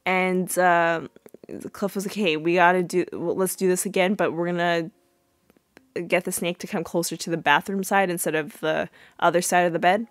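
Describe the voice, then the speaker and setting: A woman hosting a podcast, casually recapping a TV episode with many fillers and sudden high-pitched acted-out quotes. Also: steady tone, moderate pace, dry recording. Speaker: podcast host.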